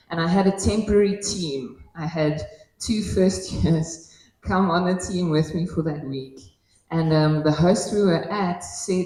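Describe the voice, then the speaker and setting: Woman telling stories at a retreat, laughs a lot, low mellow voice, sounds far off in a boomy room. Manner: chuckling often, soft-spoken asides. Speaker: retreat participant confessing to a pastor. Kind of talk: casual storytelling. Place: hall at a church retreat. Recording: echoey room, mic at a distance.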